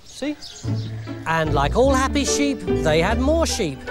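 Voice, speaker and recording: A man's voice: very high voice, sing-song, takes it slowly. Playful male storyteller. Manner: playful and conversational. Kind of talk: comic scripted narration. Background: music.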